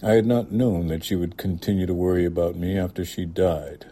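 A man reading a literary short story aloud in a calm, measured way. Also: deep voice, slightly rough. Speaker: reader.

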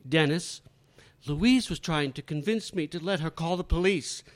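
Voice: mid-range voice, normal speed, close to an everyday voice. An actor playing a young mother who speaks in a cutting, sarcastic way. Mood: bitter. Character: bitter, distraught young mother. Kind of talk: audio drama acting.

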